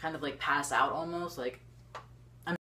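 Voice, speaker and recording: A teenage girl with a low, deep-set voice tells a storytime straight to her camera. She rambles and talks in excitable bursts, filling her talk with "like" and restarts. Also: moderate pace, background noise. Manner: rambling, lots of "like", excitable swings. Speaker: YouTuber. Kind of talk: storytime vlog. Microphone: camera facing the speaker.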